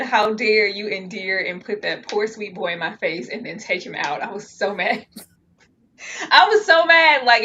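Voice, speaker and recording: Excitable woman, bright voice, lo-fi sound. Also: mid-range voice. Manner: excitable, emphatic, laughs often. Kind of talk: casual movie review chat. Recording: dull lo-fi sound with faint noise.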